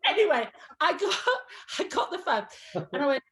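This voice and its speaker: A woman on a sofa at home, telling a lively anecdote as an interview guest, laughing, trailing off and acting out the voices. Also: high voice, measured pace. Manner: excitable, laughing, trailing off and restarting. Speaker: guest telling career stories.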